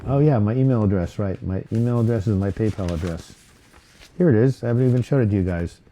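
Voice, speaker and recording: A man with a low, very dark and mellow voice hosts a casual live chat about mental health. He reads viewers' comments aloud and answers them in a rambling, conversational way, full of fillers and restarts. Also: quick pace. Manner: rambling, chatty, with frequent fillers and self-corrections.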